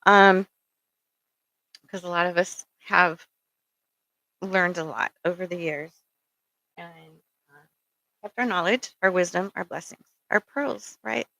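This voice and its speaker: Bright, rambling woman giving spiritual advice. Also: fairly low pitch, slow, gravelly, long pauses, dry recording, low-quality recording. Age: middle-aged. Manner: rambling, frequent ums and "okay?". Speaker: spiritual speaker. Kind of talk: casual spiritual advice talk.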